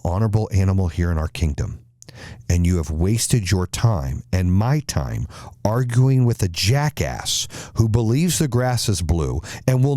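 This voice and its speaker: A man's voice: fairly low pitch, mellow, dry recording, clean studio sound. A man telling of a stern lion king.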